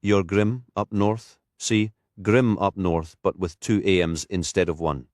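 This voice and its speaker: A man's voice: sits low, darkish tone, no echo, clean studio sound. A man voicing a jovial male police superintendent who beams at his own jokes, in an audiobook. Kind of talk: audiobook character voice.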